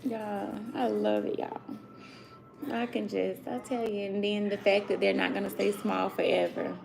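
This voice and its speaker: A woman's voice: medium pitch, level tone, normal speed, gravelly, music in the background, rough recording. A woman in her thirties vlogging casually from her kitchen, talking to viewers as y'all about cooking for her kids. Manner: chatty, addresses viewers as y'all. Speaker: vlogger mom. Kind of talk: casual vlog chat. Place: home kitchen with kids nearby. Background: children talking.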